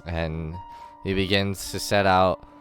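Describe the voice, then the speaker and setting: Low-voiced man running a tabletop game. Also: flat delivery, slow, fairly bright tone, soft background music. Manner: rambling, full of ums and self-corrections. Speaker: dungeon master.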